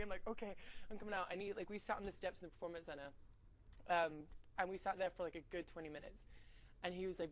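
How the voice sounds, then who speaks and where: A young woman in her twenties with an English accent, a wrestler telling lively stories in a casual interview and acting out what people said. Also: lowish voice, quick pace. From England. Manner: chatty, animated, acts out quotes with laughs. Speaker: wrestler, guest.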